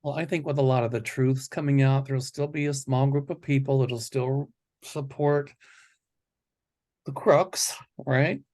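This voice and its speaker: A man's voice: medium pitch, fairly even intonation, unhurried, darkish tone. A man hosting a psychic predictions show, talking in a rambling, confident, casual way. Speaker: psychic host.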